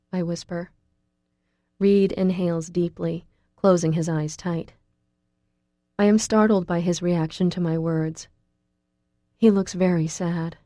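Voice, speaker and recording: Audiobook narrator, woman, warm darker voice, dry close mic. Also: on the low side, fairly even intonation, unhurried, no room sound. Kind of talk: first-person audiobook narration.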